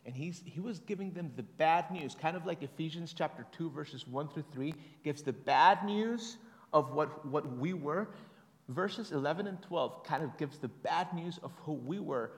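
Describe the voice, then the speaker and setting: A slightly higher-voiced man preaches in a relaxed, chatty way, reading scripture aloud and getting the congregation to answer him. His voice carries through a large church sanctuary with a long, ringing reverb. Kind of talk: conversational sermon.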